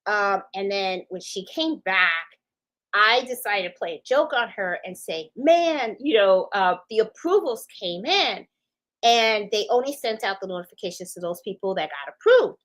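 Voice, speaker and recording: A woman's voice: mid-range voice, normal speed, rough recording. A middle-aged woman hosting a sewing channel, chatting casually and acting out voices as she tells a story with laughs. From Puerto Rico. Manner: animated, laughing, acts out voices in quotes.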